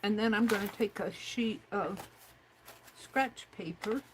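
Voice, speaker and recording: A woman's voice: medium pitch, unhurried, a little hiss or hum, poor audio. A woman hosting a crafting livestream, chatting casually to herself and her viewers while she works. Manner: chatty, talks to herself while working, reads chat aloud.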